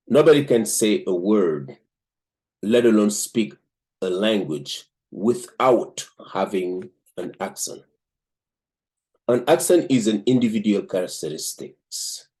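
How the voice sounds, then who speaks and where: A man from Africa with an African accent hosts a show, reviewing a book and reading it aloud in a measured way with frequent "um" pauses. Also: lowish voice, warm tone. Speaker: host and book reader.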